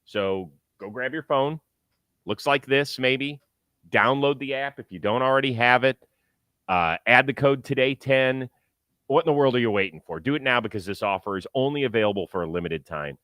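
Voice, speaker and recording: A man's voice: mid-range voice, normal speed, a bit bright, dry recording. A man hosting a sports talk show, chatting about baseball in an enthusiastic, joking way and reading ads. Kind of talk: casual sports talk and ad read.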